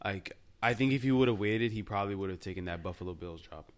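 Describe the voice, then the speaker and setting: A man's voice: lowish voice, quick pace. A man co-hosting a podcast, casually arguing football and hedging his points. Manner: argumentative, hedging. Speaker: podcast co-host. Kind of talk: casual sports chat.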